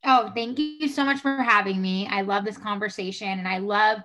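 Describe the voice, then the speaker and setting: A woman's voice: mid-range voice, steady tone, moderate pace, sharp tone. A woman with a New York accent, a guest on a podcast, chatting in a friendly upbeat way with many fillers. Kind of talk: casual interview chat.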